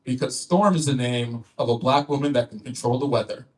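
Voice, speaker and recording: A man telling a stand-up comedy story on a club stage, in a deadpan, halting manner. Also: medium pitch, far from the mic.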